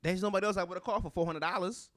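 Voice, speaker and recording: A man's voice: sits high, very fast, a bit bright, dry recording, clean studio sound. A young man, co-hosting a casual chat and animatedly telling a story, acting out the quotes. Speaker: podcast co-host telling a story.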